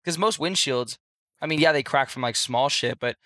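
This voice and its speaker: A man co-hosting a podcast in casual chat, reacting quickly and swearing casually. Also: medium pitch, sharp tone, dry recording, clean studio sound. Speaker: podcast co-host.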